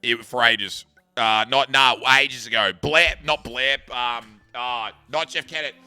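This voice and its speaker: A man's voice: mid-range voice, steady tone, unhurried, bright, forceful tone, clear, resonant tone, soft background music. A young Australian man casually telling a rambling, sweary school story, full of bro and dude. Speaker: streamer.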